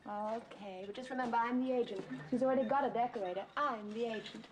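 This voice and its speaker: An actress playing a flighty, glamorous young hostess in a 1960s film, breezy and gushing. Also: female voice, fairly high pitch, fast, faint music behind, close to an everyday voice. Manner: breezy, gushing chatter full of "darling". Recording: film party scene with crowd chatter.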